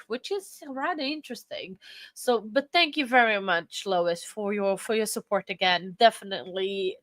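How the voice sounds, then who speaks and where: A woman hosting a casual live stream, chatting in a rambling way with frequent restarts and thanking viewers warmly. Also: medium pitch, dry recording. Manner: effusive, thanks viewers often.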